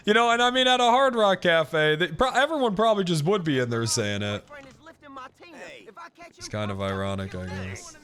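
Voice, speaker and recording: A man's voice: sits high, a little slow, long pauses, a bit bright, slight background noise. A man chatting casually with his livestream viewers. He swears freely, laughs often and works himself up into mock outrage.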